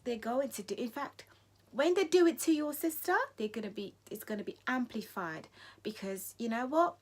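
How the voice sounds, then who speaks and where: A woman's voice: a little high, expressive, fairly quick. A woman vlogging her opinions, emphatic and indignant, often restarting her sentences when she gets heated. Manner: emphatic, indignant, repeats for stress. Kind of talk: impassioned opinion vlog.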